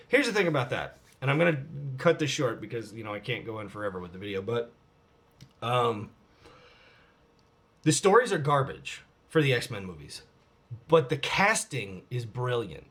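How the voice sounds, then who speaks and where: Man, forties, mid-range pitch, casual vlog Q&A, rambling, profane, candid. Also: very animated, normal speed, fairly bright tone. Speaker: vlog host answering viewer questions.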